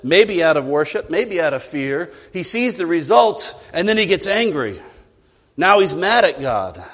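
In a large church sanctuary, a male pastor preaches emphatically, filling his sermon with rhetorical questions. His voice sits a little high.

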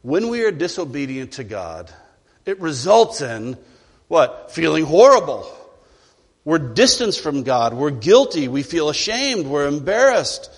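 Male pastor, mid-high voice, emphatic sermon with rhetorical questions, long reverb of a church hall. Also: sing-song, measured pace. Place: church sanctuary.

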